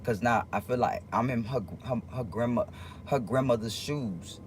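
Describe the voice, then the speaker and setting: A man talking to his viewers in a casual livestream monologue, rambling and halting with many restarts, in an earnest, confiding way. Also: medium pitch, slight background noise.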